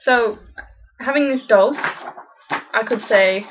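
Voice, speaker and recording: Woman, higher voice, casual teacher who repeats examples slowly; dull lo-fi home recording. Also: slight background noise. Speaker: language teacher. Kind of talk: casual beginner lesson.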